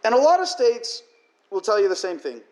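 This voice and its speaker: Man, high-pitched, emotional political speech, profane ranting, roomy hall echo. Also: huge pitch swings, fairly quick. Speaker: political speaker. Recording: echoey hall.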